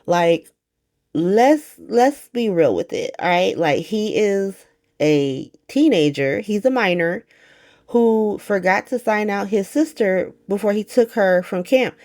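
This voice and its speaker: A woman recapping a soap opera in a casual vlog, talking in a slangy, profane, animated way. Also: medium pitch.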